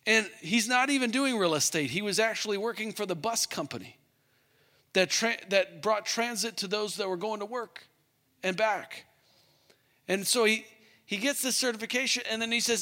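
Male preacher, animated storyteller, high voice, long hall reverb. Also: moderate pace. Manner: animated storyteller acting out both sides of a conversation. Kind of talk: sermon storytelling.

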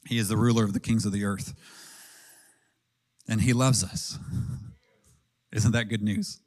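A man in his thirties preaching a sermon in an earnest, conversational way, asking his listeners questions and pausing with ums. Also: on the low side, steady tone, darkish tone.

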